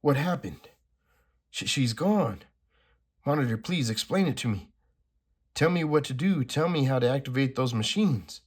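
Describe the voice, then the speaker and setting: A man's voice: medium pitch, animated, moderate pace, pauses often, breathy edge, pitched above the performer's own voice. A man reading a comic aloud, voicing a grieving, desperate male survivor in a slightly raised, urgent voice. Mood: despairing. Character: anguished male survivor, grief-stricken and desperate.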